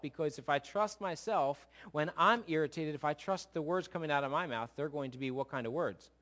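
A man with a high voice delivers a sermon to his congregation. He rises into loud, emphatic exclamations and then drops to low, quiet asides. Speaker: pastor.

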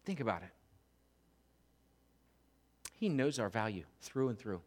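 A man preaching a sermon as pastor, telling the story with animated storytelling and acting out the crowd's voices. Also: on the low side, measured pace.

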